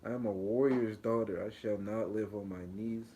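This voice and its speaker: A man's voice: fairly low pitch, steady tone, moderate pace, very noisy, lightly acted. A man reading as a warrior's proud daughter. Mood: defiant.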